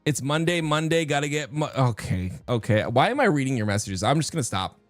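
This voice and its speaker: A man's voice: medium pitch, big pitch swings, fairly quick, dry recording. A man streaming a game live, chatting casually and rambling with his viewers, often interrupting himself. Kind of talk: casual live-stream chat while gaming. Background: faint background music.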